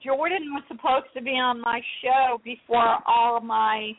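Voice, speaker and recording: A woman hosting a radio show, talking in a soft, hesitant way with many fillers. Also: fairly high pitch, fairly even intonation, a little slow, no room sound. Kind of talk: casual radio talk. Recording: dry, tinny phone line.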